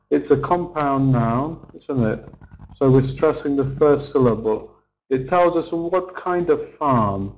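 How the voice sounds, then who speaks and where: Slow, mellow male English teacher. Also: mid-range voice, expressive, rough recording. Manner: slow, deliberate, modelling words for repetition. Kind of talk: pronunciation lesson, slow drills.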